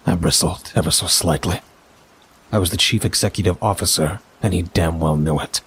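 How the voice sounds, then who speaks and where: A man reading a first-person story aloud, measured and steady. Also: low voice, husky. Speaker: narrator. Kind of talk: scripted story narration.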